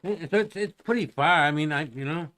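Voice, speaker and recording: A man in casual chat who talks in a rambling, halting way, full of fillers and the odd curse word. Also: a little high, a bit bright.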